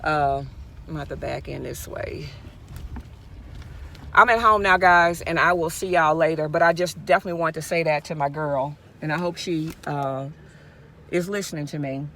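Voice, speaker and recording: A woman's voice: low voice, moderate pace, a bit bright, slight background noise. A woman from Mississippi, talking straight to her viewers in a casual vlog, impassioned and repeating herself as she goes, speaking from her car. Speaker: YouTube vlogger.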